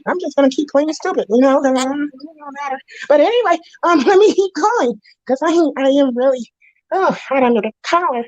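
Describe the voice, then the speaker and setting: A woman's voice: sits high, a little fast, darkish tone, no room sound, highs cut off. A young woman on a live stream, rambling in a giggly, worked-up rant. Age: young adult. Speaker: stream guest.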